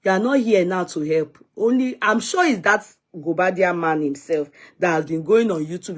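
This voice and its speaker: A young woman talks straight to her viewers in a casual vlog. She reads their comments aloud and scolds and teases them in a chatty, lively way. Yoruba phrases slip into her talk. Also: medium pitch. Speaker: vlogger reading live comments.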